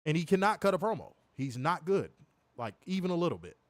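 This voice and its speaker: A man's voice: a little high, sing-song, fast talker, no echo. A man co-hosting a casual online show, talking bluntly with frequent swearing and reading viewer comments aloud. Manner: blunt, profane, reads chat comments aloud. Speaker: co-host of a wrestling review show. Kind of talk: casual chat.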